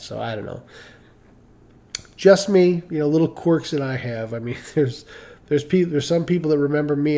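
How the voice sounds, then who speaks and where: A man's voice: medium pitch, dark tone. A middle-aged man from Michigan telling a personal story in casual, rambling talk on a live stream, full of restarts and asides.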